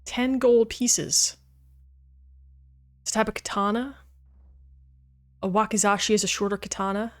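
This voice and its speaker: A woman livestreams a game and talks easily to her viewers between moves, her voice sitting at a middle pitch. She laughs often and reacts out loud to what happens on screen. Quiet game music plays underneath her. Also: steady tone, a little slow, pauses often. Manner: chatty, talks to chat while playing, laughs often. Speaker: streamer. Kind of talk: casual livestream gaming chat.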